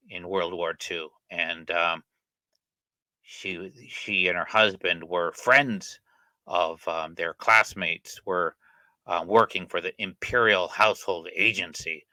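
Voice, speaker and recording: Middle-aged male host, low and forceful voice, dry close sound, rambling casual commentary full of ums and restarts. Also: no room sound, rough recording. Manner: rambling and discursive, with frequent fillers and self-corrections. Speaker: channel host discussing an article. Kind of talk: casual spoken commentary on a reading.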